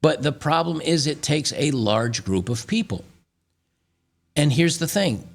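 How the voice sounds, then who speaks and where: A man's voice: a little high, animated, a little slow, gravelly. A man from the United States hosting an opinion commentary, reading news aloud and reacting, often stumbling and restarting. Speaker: channel host.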